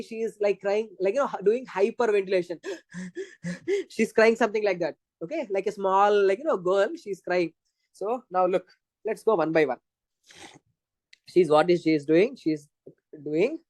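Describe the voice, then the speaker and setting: A man with a high-pitched, slightly mellow voice lectures on physiology for exam prep, captured in a dry recording. He has an Indian English accent and tends to repeat himself while explaining each step.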